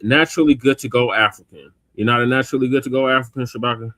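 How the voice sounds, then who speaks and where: A man's voice: mid-range voice, fairly even intonation, quick pace, fairly bright tone, no room sound. A man on a casual talk show, lecturing and chiding another speaker in banter.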